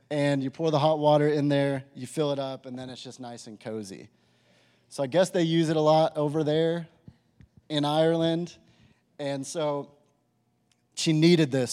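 Young guy telling his story to a crowd, chatty and animated, big echoey hall. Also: on the high side. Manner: casual, animated, many "like" fillers. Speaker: speaker sharing a testimony. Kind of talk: storytelling testimony to a live audience. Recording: reverberant hall.

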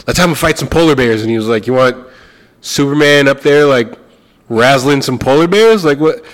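A young adult man telling a story in casual chat, animated and swearing, acting out the other people's lines. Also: medium pitch, moderate pace.

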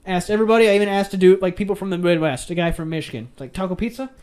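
A man's voice: sits high, racing, a little mellow. A young man from Iowa chatting casually, blunt and opinionated, swearing freely. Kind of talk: casual chat.

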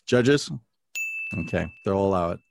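A man's voice: sits low, expressive, a little slow, background noise. A man hosting a podcast trivia game, reading questions and scoring answers playfully. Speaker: quiz host.

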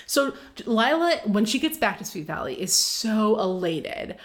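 A woman co-hosting a podcast, recapping a book in casual chat, full of fillers and quick laughs. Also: mid-range voice, sing-song. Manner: chatty, filler-heavy, laughs often. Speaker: podcast co-host.

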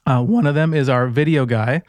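A man's voice: mid-range voice, normal speed, darkish tone, dry recording. A man hosting a faith podcast in an upbeat, joking, chatty manner. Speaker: podcast host. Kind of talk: casual podcast chat.

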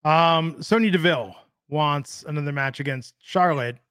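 A man's voice: on the high side, moderate pace, fairly bright tone, a little hiss or hum. A man co-hosting a casual wrestling talk show, chatty and opinionated, rambling with lots of filler words. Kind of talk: casual podcast chat.

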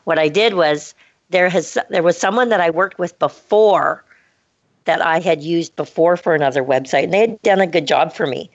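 A woman's voice: normal speed, no echo. A woman co-hosting a casual chat, telling a story and acting out the dialogue. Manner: animated, acts out quoted dialogue. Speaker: podcast co-host telling a story. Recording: dull dry low-fi sound.

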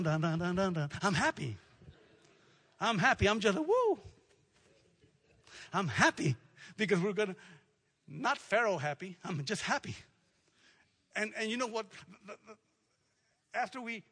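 A male pastor from preaches with a high, husky voice. He moves from relaxed storytelling into a building, emphatic, repetitive declaration. His colors his words. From South Texas. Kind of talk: sermon.

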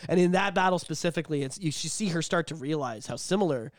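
Excitable high-voiced man on a podcast. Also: fast talker, dry recording, studio quality. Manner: excitable, swears freely, acts out quotes in big voice swings. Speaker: podcast co-host. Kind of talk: casual podcast chat.

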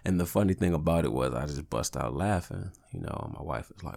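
A man's voice: rumbling low, fairly quick, creaky, hardly any pauses, darkish tone. A man in his thirties hosting a podcast, rambling through profane, laid-back stories. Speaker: podcast host. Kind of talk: casual solo podcast monologue.

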